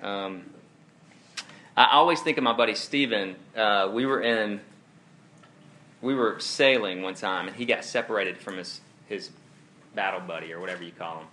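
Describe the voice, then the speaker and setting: A man's voice: fairly low pitch, moderate pace, pauses often, a little hiss or hum. A young man preaching a casual, conversational sermon, telling stories with chuckling asides. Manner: animated, chuckling, storytelling asides. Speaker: pastor.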